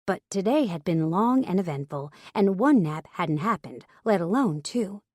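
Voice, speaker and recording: A woman's voice: fairly low pitch, animated, moderate pace, warm tone, dry recording. A woman reading a romance audiobook in the first person, with an intimate, confiding manner on a close studio mic. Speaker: audiobook narrator.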